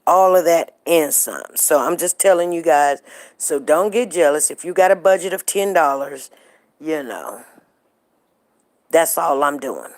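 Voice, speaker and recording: A woman's voice: low voice, expressive, a little slow, darkish tone. A middle-aged woman hosting a live show, chatting casually and telling stories straight to her viewers. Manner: chatty, storytelling, addresses viewers directly.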